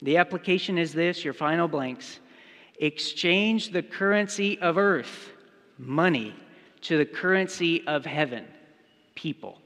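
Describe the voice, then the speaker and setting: A man's voice: on the high side, lively intonation, measured pace, fairly bright tone, big-room sound. A man preaching a sermon, telling a story and speaking its quoted lines in his own voice. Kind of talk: sermon with acted-out illustration.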